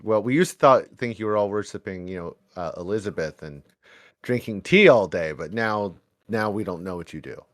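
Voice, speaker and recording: A man's voice: fairly low pitch, animated, normal speed, no room sound, studio quality. An American man co-hosting a podcast, talking bluntly and sarcastically, with casual swearing. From United States. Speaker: podcast co-host. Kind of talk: casual chat.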